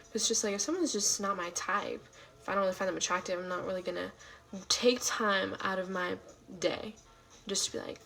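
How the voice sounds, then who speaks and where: Woman, livestream host, casual rambling chat, vocal fry, mid pitch, soft whispered asides, at home late at night. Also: brisk, low-quality recording. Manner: rambling, filler-heavy, answering chat.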